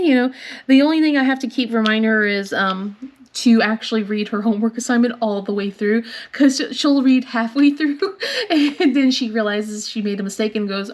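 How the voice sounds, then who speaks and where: Crafting vlogger, woman, 30s; higher pitch, loose rambling chat, frequent giggles, slight cough. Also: measured pace. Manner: rambling, chatty, laughs often. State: coughing from bad air. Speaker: crafting channel host. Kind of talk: casual chat while crafting.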